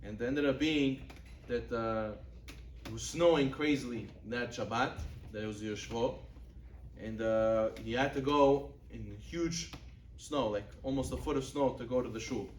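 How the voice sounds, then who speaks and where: A rabbi speaks a little slowly during a Torah class, recorded from a distance in an echoey room with a little hiss or hum. The sermon-style lecture mixes in stories, and he voices quoted characters by lifting his pitch. His speech is filled with Hebrew and Yiddish religious terms.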